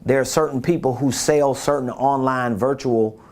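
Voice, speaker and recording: A man's voice: mid-range voice, fairly even intonation, normal speed, darkish tone. A man giving a business coaching talk, emphatic and repeating his key points, who acts out quotes in different voices.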